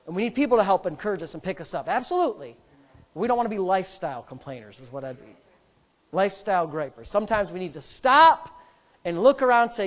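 A man's voice: high voice, very animated, fast talker. A middle-aged male pastor telling a story in a sermon, speaking emphatically and rambling, with frequent restarts.

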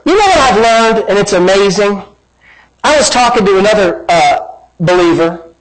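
Preacher guy, high voice, gets loud and shouty, cracks jokes mid sermon. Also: expressive, normal speed, low-quality recording. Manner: preaching with rising emphatic shouts and humor. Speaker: pastor.

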